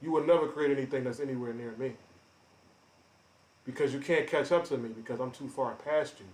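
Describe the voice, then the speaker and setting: A man ranting on a live stream, confrontational and boastful, calling out chat members by name with loud bursts and drawn-out emphasis. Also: medium pitch. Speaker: livestreamer. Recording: roomy echo.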